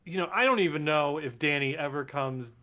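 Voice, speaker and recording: A man's voice: on the high side, fairly quick, sharp tone. A man co-hosting a casual sports podcast, wry and sarcastic, often laughing. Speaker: podcast co-host.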